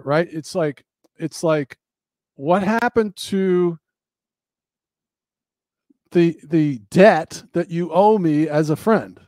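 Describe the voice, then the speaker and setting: High-voiced man, impassioned monologue. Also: takes it slowly, long pauses, darkish tone, dry recording. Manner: earnest, preacherly, repeats phrases for emphasis.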